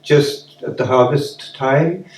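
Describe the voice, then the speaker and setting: A man's voice: medium pitch, slow pace, darkish tone. An older British man, an activist musician, chatting with an audience between verses and leading a joking sing-along in a live concert. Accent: British English. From Britain. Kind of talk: live concert, talking and singing with guitar. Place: concert hall before an audience. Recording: roomy live recording with guitar, mic at a distance.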